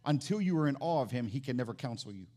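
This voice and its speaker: A man's voice: medium pitch, expressive, fast talker, dark tone. A middle-aged man preaching a sermon in church as pastor, emphatic and repeating his key phrases.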